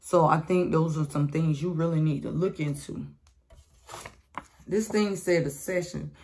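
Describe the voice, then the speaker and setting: A woman's voice: low voice, unhurried, darkish tone. Blunt, profane woman reading tarot. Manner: blunt, profane, streetwise slang; addresses listeners as sweetheart. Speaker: tarot reader. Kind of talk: casual collective tarot reading.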